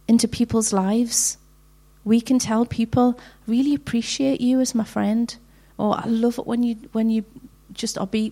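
A middle-aged woman giving a heartfelt devotional talk to women, slowing down to read scripture passages earnestly. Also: medium pitch, creaky, a little mellow. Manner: heartfelt, earnest, slows down for readings. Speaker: women's ministry speaker.

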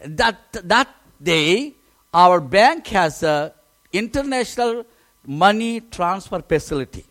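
A pastor telling a personal testimony in a sermon, emotional and animated, often restarting his words. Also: high-pitched, slow.

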